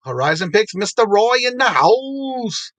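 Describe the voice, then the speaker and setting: A man's voice: sits high, big pitch swings, measured pace, fairly bright tone, no room sound. A man hosting a casual live show, greeting viewers one by one and laughing often. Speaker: host.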